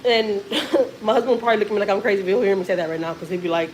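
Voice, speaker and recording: A woman's voice: medium pitch, rapid-fire, a little hiss or hum, poor audio. A woman in her thirties from Texas, a mother telling a family story in a rambling, emphatic way on a casual live stream.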